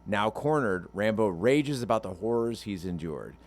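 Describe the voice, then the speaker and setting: A man on a movie podcast reads out a plot summary and then gives his take in a measured way, with a dry sense of humor. His voice is low but moves a lot in pitch. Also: expressive. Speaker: podcast co-host.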